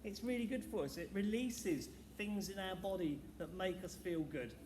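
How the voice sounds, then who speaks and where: High, upbeat male teacher in echoey hall. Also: normal speed, distant mic. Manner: upbeat, encouraging, talks to children. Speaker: primary school teacher. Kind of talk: leading a school music assembly. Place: school hall, indoors. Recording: echoey hall with background noise.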